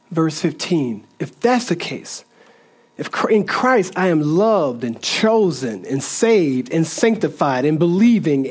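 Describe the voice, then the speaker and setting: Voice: medium pitch, darkish tone. A pastor preaching a sermon earnestly, repeating phrases and building in bursts.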